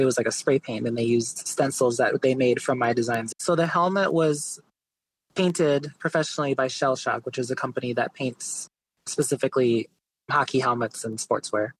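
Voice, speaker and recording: A relaxed man talking through an interview at an even, medium pitch. He tells his story loosely and keeps dropping in "like" and "you know". He sounds unhurried and conversational. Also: husky, low-quality recording. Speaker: guest artist.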